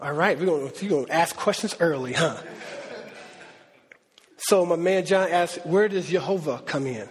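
A man delivers a lively, talk-style sermon and slips into acted voices for the figures he quotes. His voice sits high and a little husky. The sound carries the long reverb of a large hall. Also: moderate pace, long pauses. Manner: animated, conversational, acts out God's voice. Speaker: preacher. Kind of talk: sermon teaching.

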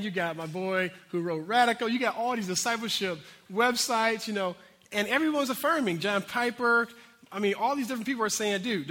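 A man with a high, bright voice preaches in a loose, conversational style, talking straight to his listeners. His words ring out in a hall with a long reverb. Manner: animated, conversational preaching with asides to the congregation. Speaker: pastor. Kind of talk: sermon.

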